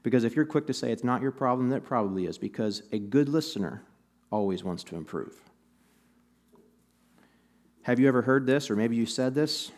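A man's voice: mid-range voice, expressive, a little fast, long pauses, darkish tone. A man preaching a sermon in a conversational, storytelling way, with bits of humor, to a church audience. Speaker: pastor.

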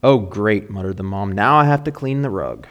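A man's voice: lowish voice, lively intonation, normal speed. A man reading as a weary, grumbling mother. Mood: exasperated. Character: weary, tired mother, middle-aged woman.

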